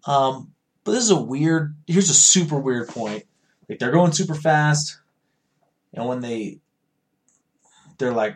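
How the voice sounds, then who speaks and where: A man co-hosting a casual podcast, profane and animated, acting out dialogue in quick bursts. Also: medium pitch. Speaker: podcast co-host.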